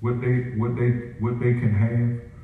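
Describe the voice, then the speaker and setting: Male preacher, lively sermon delivery with laughter between lines, recorded from a distance in a very echoey church. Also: medium pitch, measured pace, phone-quality sound, slight background noise. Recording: echoey room picked up from a distance, faint ambience.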